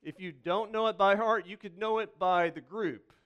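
A man preaching with a smooth, resonant voice pitched a little high. He talks to the congregation like friends, drifting from playful asides into hushed, slow reflection. He lingers over repeated key phrases. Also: steady tone, highs cut off. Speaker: pastor. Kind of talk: conversational sermon.

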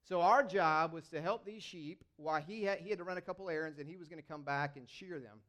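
A man's voice: a little high, fast, fairly bright tone. A man giving a sermon in a conversational, storytelling way, often restarting his sentences. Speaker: lay preacher.

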